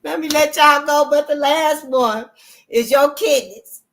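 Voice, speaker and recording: A woman's voice: sits high, unhurried, slight background noise. A woman hosting her own channel, talking casually and frankly to her viewers, calling them honey and y'all. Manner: frank, earthy and emphatic, calls listeners honey and y'all. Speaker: channel host.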